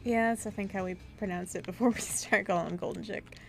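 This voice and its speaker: A woman co-hosting a gaming livestream, chatting in an easygoing way and quick to laugh. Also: medium pitch, steady tone, vocal fry. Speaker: livestream co-host. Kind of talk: casual gaming stream chat.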